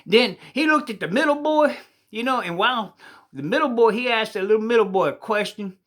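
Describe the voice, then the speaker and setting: A folksy man winds through a long church joke, wandering off the point and back again. His grammar is loose and colloquial, and his voice is bright and forward. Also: sits high, expressive, fairly quick. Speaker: joke teller.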